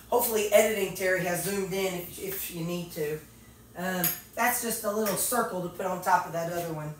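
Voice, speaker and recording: A chatty woman with a drawl talks through her kitchen tidying, filling pauses with ums and musing aloud. Her voice sits a bit high and bounces around a bare, echoey kitchen, picked up from a few steps away. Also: fairly bright tone, a little hiss or hum. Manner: chatty, thinking aloud, many fillers. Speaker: vlogger. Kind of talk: casual chat while organizing. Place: home kitchen. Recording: very echoey room, mic at a distance.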